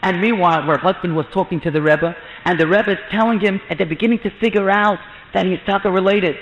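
Man, very high voice, storyteller, animated, long hall echo, muffled sound. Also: fast. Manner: animated, acts out quoted voices with rising pitch. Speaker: storyteller, mohel. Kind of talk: telling an inspirational religious story. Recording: muffled lecture in a reverberant hall.

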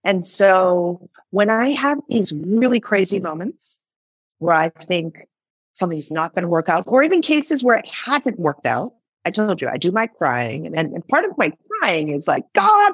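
A woman in her thirties talks through her story as a guest in an interview. Her voice sits fairly low but leaps up and down with lively expression. She acts out her own past lines, and the sound is dry, with no room echo. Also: a little slow, breathy edge. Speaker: founder and CEO, interview guest. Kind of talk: conversational interview.

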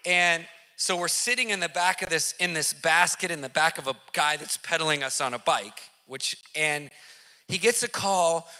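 A man telling a dramatic testimony in an animated, emphatic way, repeating lines for effect and using casual slang. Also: fairly high pitch, moderate pace. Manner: emphatic, vivid storyteller who repeats for effect. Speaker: Christian activist telling a testimony.

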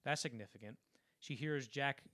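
A man on a podcast walking through film scenes at length, rambling and slipping into quick impressions of the characters. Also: mid-range voice, fairly bright tone, no echo, studio quality. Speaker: podcast co-host. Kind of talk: casual film discussion.

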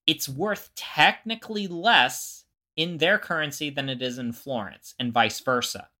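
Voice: mid-range voice, measured pace, pushed and bright. A podcast co-host explaining at length in casual chat, often restarting and circling back.

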